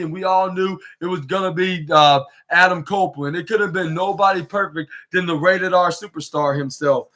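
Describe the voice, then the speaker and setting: Young man, podcast host, high pitch, casual halting recap, lots of fillers. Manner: halting, many fillers and restarts, acts out quotes loudly.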